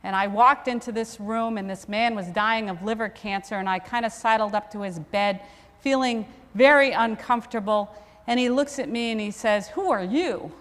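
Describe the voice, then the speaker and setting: A woman's voice: mid-range voice, normal speed, fairly bright tone. A woman priest preaching a sermon, conversational and self-deprecating as she tells a story. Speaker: Episcopal priest. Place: church. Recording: long church reverb.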